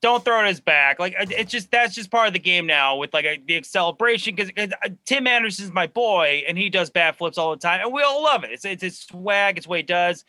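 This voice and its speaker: Excitable male sports fan. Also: sits high, fairly quick, few pauses, dry recording. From Chicago suburbs. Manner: excitable diehard fan, stammering restarts, laughs. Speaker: guest. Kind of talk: casual sports chat.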